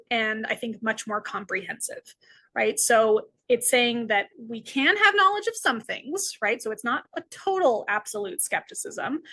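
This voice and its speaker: A woman's voice: fairly high pitch, gravelly, sharp tone. A woman teaching a philosophy lecture, explaining step by step and tagging her points with frequent questions to the class. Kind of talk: recorded lecture.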